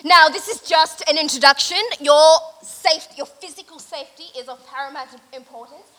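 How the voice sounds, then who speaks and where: A woman giving a satirical mock lecture at an event, delivering it deadpan and mock-earnest with many fillers. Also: high-pitched, normal speed, low-quality recording. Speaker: event speaker.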